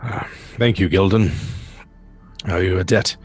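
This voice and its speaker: A hobgoblin, stuck and pleading, then stiff and formal in his thanks, as a man voices him in a tabletop game. The voice sits very low, with faint music behind it. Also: measured pace, husky. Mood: grateful. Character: hobgoblin trapped under a tent, grateful and wary.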